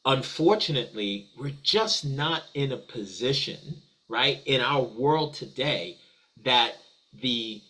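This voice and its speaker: A man's voice: medium pitch, expressive, takes it slowly, pushed and bright, low-quality recording. A man answering as a guest in a business webinar, talking eagerly with frequent restarts and repeated words. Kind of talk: conversational webinar discussion.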